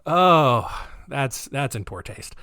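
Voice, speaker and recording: A man's voice: a little high, animated, normal speed, fairly bright tone, no room sound, clean studio sound. A man hosting a casual true crime podcast at home, joking and rambling with many fillers. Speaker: podcast host. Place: home recording space.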